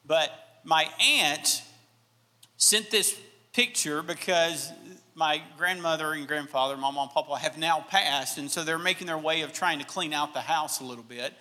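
A man's voice: fairly high pitch, normal speed, bright, forceful tone, big-room sound. A man from Alabama with a light Southern accent, preaching a sermon with folksy, self-deprecating storytelling. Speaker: pastor.

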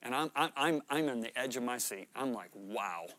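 A man's voice: medium pitch, brisk, a bit bright. A man preaching a sermon, telling a story earnestly and emphatically, sometimes repeating words as he builds to a point. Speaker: guest preacher.

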